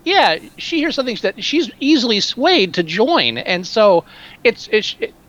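A man with a notably high speaking voice, talking a film over in a loose, rambling way. He restarts his sentences often and swears casually. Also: big pitch swings, measured pace, a bit bright, lo-fi sound. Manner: rambling, frequent restarts, profane. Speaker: podcast co-host.

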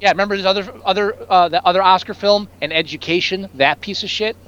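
A man co-hosting a film chat, halting and repeating his words before landing dry put-downs. His voice is fairly high, and the mic sounds dull and muffled. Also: a bit bright. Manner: hesitant, stammering, dry. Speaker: podcast co-host. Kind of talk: casual movie review chat.

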